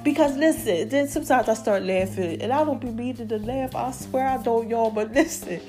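A woman hosting her own podcast, talking to listeners in a chatty, affectionate, drawn-out way with lots of asides. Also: a little high, over music. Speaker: podcast host. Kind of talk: casual podcast monologue.

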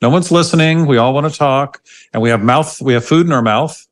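Male host, mid pitch, steady, agreeable, affirming. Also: a little fast. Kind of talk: casual conversational interview.

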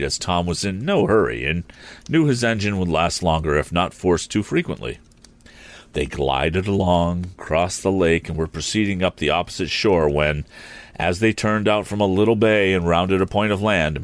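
A man narrating an old adventure novel aloud in a measured storytelling reading. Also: low voice, no room sound. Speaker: audiobook narrator. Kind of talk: scripted narration.

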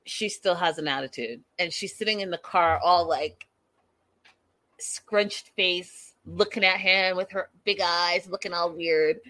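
A woman's voice: on the low side, a little slow, pushed and bright, dry recording. A young woman recapping a reality show in a chatty, incredulous way, talking straight to her viewers. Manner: chatty, incredulous, addresses viewers as "you guys". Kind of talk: casual recap commentary.

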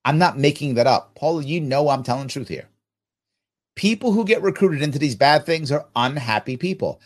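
With a fairly high pitch and moderate pace, this man hosts a podcast, responding to viewer comments in casual talk. He speaks with animation and emphasis, asking himself rhetorical questions.

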